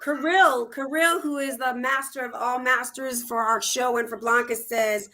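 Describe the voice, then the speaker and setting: A woman's voice: high-pitched, fairly even intonation, moderate pace, bright, forceful tone, a little hiss or hum. A woman co-hosting a talk show, emphatic, repeating questions to her audience. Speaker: co-host. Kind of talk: casual talk-show conversation.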